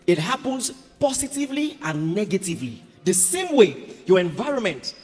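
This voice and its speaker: A man preaching a sermon as a pastor, animated and humorous. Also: high-pitched, normal speed, few pauses, slightly rough. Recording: reverberant hall with music behind.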